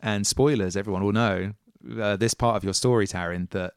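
Smooth-voiced man running a tabletop game. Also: fairly low pitch, fairly even intonation, brisk, no room sound, studio quality. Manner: musing, hesitant with many restarts, often laughing. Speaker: game master. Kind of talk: narrating a tabletop role-playing game.

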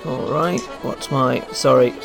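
A man's voice: mid-range voice, steady tone, takes it slowly, gravelly. A man playing a tabletop role-playing game, hesitant with many fillers. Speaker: player. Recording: music playing behind.

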